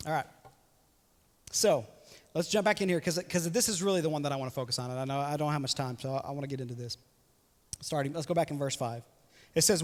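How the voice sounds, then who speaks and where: A young adult man preaching a sermon as pastor, animated and joking, often slipping into playful voices for quotes. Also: on the high side, quick pace, pauses often. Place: church hall. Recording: reverberant church hall.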